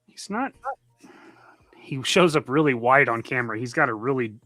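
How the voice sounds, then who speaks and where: A man co-hosting a casual live stream who answers with brief comments and quick wisecracks. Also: medium pitch, lively intonation, sharp tone, no echo. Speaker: co-host. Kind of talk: casual chat. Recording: dry room with faint music.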